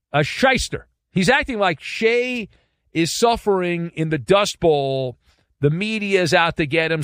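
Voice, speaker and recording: A man's voice: fairly high pitch, fairly bright tone, dry recording, studio quality. A man hosting a sports talk show, giving opinionated commentary in a sarcastic, mocking way.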